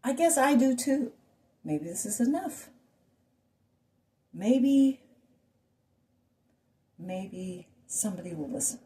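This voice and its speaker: Woman vlogger, ranting monologue, rambling with asides, somewhat high voice. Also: big pitch swings, slow pace, pauses often, warm tone. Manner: rambling, with rhetorical questions and asides.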